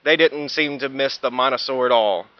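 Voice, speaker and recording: A man reads a children's picture book aloud with plenty of expression and a few small stumbles. His voice sits at a middle pitch. The recording sounds dull and lo-fi. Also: moderate pace, heavy background noise. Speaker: student reader.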